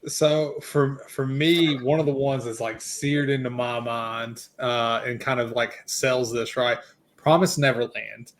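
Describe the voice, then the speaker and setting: A young man hosting a casual podcast chat, excitable and swearing freely. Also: mid-range voice, unhurried. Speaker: podcast host.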